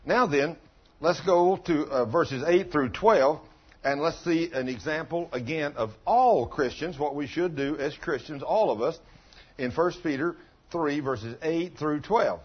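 A man's voice: fairly high pitch, measured pace, husky, highs cut off. A man preaching a sermon as pastor, telling folksy stories and putting questions to the congregation.

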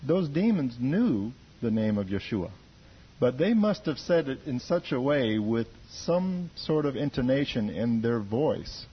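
A man's voice: mid-range voice, sing-song, measured pace, slightly rough, lo-fi sound. A man from the congregation sharing an earnest testimony in a group discussion, repeating words as he thinks. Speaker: church member.

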